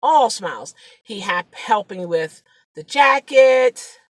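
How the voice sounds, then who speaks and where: A woman's voice: mid-range voice, lively intonation, takes it slowly, dry recording. A woman who drives rideshare, talking to the camera in a chatty, preachy way, rambling with fillers and sometimes dropping to a whisper. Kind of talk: casual vlog talk.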